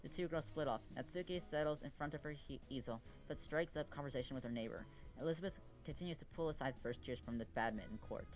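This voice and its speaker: A man's voice: a little high, fast talker, hardly any pauses, soft background music, rough recording. A man reading a visual novel aloud as narrator, wry and now and then stumbling over words. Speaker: let's play reader.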